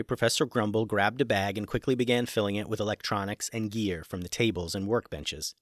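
A man narrating a children's adventure story, shifting expressively between hushed suspense and excitement. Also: lowish voice, no echo, clean studio sound.

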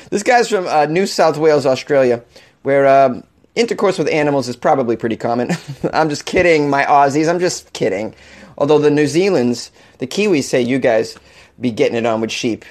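A man's voice: mid-range voice, expressive, moderate pace, darkish tone. A man hosting a comedic talk show, reading odd news stories aloud and joking with frequent laughs and stammered restarts. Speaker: host.

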